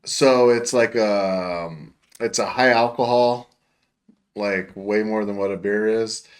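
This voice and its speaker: A man's voice: on the low side, slow. A young man casually telling profane stories on a podcast, acting out his own lines as he goes. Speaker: podcast co-host. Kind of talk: casual storytelling chat.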